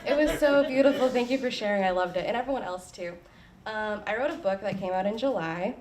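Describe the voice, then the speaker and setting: A woman at an open mic, bubbly and giggly as she chats, then reading her poem in a measured way. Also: medium pitch, a little mellow, a little hiss or hum. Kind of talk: poetry reading after casual chat. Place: open mic at a poetry library. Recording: distant mic in a room.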